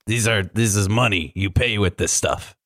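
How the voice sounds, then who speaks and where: A man's voice: on the low side, normal speed, a bit bright, a little hiss or hum. Dry-humored male player. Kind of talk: tabletop game play.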